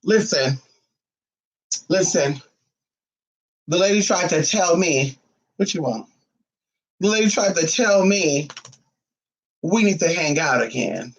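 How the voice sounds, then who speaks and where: A man vlogging casually from home, sassy and profane, cooing baby talk at his dog, his voice a little hoarse. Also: fairly high pitch, expressive, takes it slowly, pauses often, rough recording. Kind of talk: casual chat to camera.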